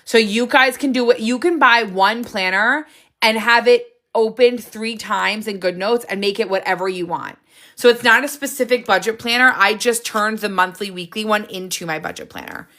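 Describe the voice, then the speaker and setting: A woman hosting a casual live stream, chatty and excitable, jumping from idea to idea with frequent laughs. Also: medium pitch, moderate pace. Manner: excitable, jumps between ideas, frequent laughs.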